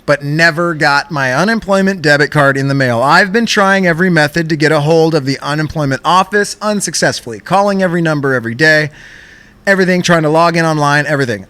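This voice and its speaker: Bright-voiced, high-pitched young man telling stories. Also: no echo. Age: young adult. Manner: animated storytelling, frequent swearing. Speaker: podcast co-host. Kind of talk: casual chat.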